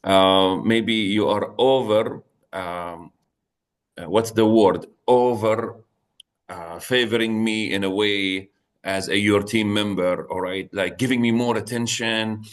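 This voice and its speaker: Low-voiced man, hesitant and searching. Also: steady tone, slow pace. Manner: hesitant, searching for words, many fillers. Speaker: co-host. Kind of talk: casual podcast discussion.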